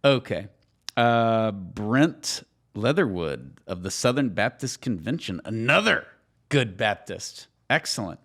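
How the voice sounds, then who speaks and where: A man co-hosting a podcast in casual chat, joking and animated, sometimes trailing off. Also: fairly low pitch, takes it slowly. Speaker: podcast co-host.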